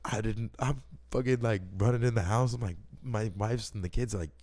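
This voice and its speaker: A man on the low side speaks briskly while telling personal anecdotes in a casual, meandering way. He gets excited, uses plenty of slang, swears frequently, and restarts sentences.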